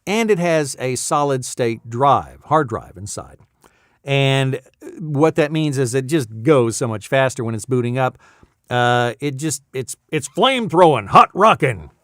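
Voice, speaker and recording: This man, a voice actor, has a clear, resonant, medium-pitched voice and speaks a little slowly. In his casual talking-head vlog he rambles in a self-amused way and drifts off topic easily, all captured in dry, clean studio sound.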